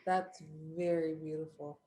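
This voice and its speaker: A woman hosting an interview, asking questions softly and giving brief affirmations. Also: low voice, fairly even intonation, measured pace, echoey room. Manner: soft, brief affirming responses. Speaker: interviewer, host.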